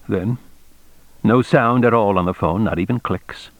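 A man reading a novel aloud as narrator in a measured, steady way. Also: fairly low pitch, no echo. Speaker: audiobook narrator. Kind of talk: scripted narration.

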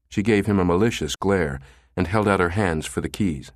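A man reading a thriller audiobook in a measured, even storytelling manner. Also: low-pitched, no room sound, studio quality. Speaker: audiobook narrator. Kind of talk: scripted thriller narration.

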